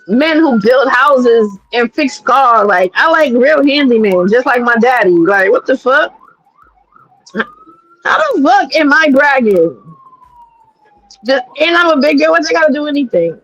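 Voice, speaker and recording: A woman from New York City hosting a livestream, talking in a blunt, profane and animated way as she gives her commentary. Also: high-pitched, measured pace, pauses often, dull audio. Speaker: streamer host.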